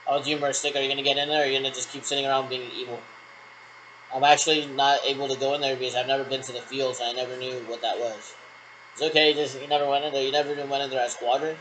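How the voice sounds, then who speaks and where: A man's voice: medium pitch, level tone, rapid-fire, fairly bright tone, a little hiss or hum, rough recording. Rambling man doing radio checks. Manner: military radio jargon, repetitive and meandering. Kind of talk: rambling one-sided radio check talk.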